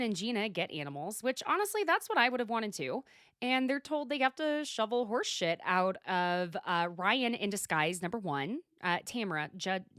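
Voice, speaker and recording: A woman's voice: mid-range voice, fairly bright tone, no room sound, studio quality. A woman hosting a solo podcast, recapping a reality show in a chatty, sarcastic, gossipy way. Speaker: podcast host.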